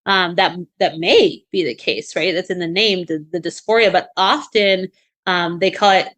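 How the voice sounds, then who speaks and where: A woman's voice: on the low side, moderate pace, a bit bright, dry recording. A woman co-hosting a podcast, giving casual advice in a chatty way with many fillers and restarts. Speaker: podcast co-host.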